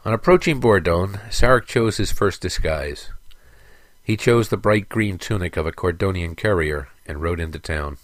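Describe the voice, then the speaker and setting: Casting: male storyteller, very low voice, dry close recording, steady pacing. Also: normal speed, dry recording. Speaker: narrator. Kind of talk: scripted fantasy narration.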